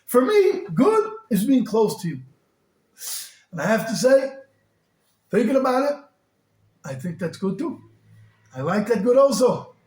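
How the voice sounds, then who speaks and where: High-voiced rabbi in an echoey hall. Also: male voice, measured pace, pauses often. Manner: animated, rising to shouts, heavy use of Hebrew and Yiddish terms. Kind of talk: sermon. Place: synagogue hall.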